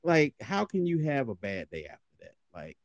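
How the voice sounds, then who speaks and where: A man co-hosting a casual podcast, joking crudely and laughing often. His pitch swings widely as he talks. The recording is dry and close, with no room sound. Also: wildly swooping pitch, normal speed, no echo, highs cut off. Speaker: podcast co-host. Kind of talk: casual chat, reacting to listener voicemails. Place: home studio.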